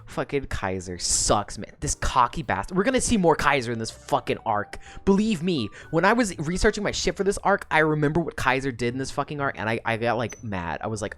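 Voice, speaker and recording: A woman's voice: deep voice, big pitch swings, fairly quick, hardly any pauses. A woman streamer chatting through a book recap, rambling and sweary, and breaking into laughs often. Her voice swings widely up and down. Faint music plays underneath.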